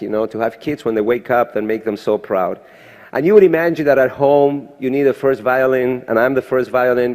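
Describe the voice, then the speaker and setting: A man's voice: medium pitch, a little mellow. Older guy speaking english at a podium, sincere and grateful, big echoey convention hall. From Argentina. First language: Spanish. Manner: heartfelt, thanking people one by one. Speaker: surgeon giving a presidential address. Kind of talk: emotional speech at a podium. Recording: long reverb of a big hall.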